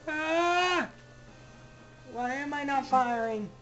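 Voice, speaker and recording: A woman's voice: sits high, very slow, fairly bright tone, muffled recording. A woman giving casual let's-play commentary, rambling and joking as she talks to her game characters. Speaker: gamer playing a zombie survival game.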